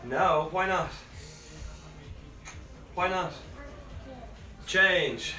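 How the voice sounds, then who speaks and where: A man, out of breath, leading a live workout with energetic cues and chatty asides. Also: high-pitched, very slow. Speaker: fitness coach. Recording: echoey room, mic at a distance, faint music.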